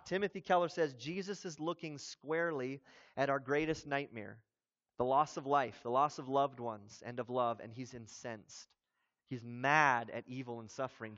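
An impassioned male pastor delivers a sermon, climbing to emphatic peaks and then sinking low and quiet. His voice sits a little high for a man. The sound carries a long hall reverb and comes through dull and lo-fi.

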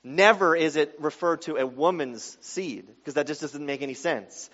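A man's voice: on the high side, moderate pace, few pauses. Man preaching in a reverberant hall. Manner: builds from quiet teaching to loud, emphatic preaching. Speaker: pastor. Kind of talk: sermon. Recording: dull sound with long hall reverb.

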